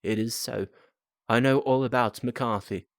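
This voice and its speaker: A man reading as a calm, sharp-minded detective. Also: medium pitch, measured pace, no echo, clean studio sound, natural voice.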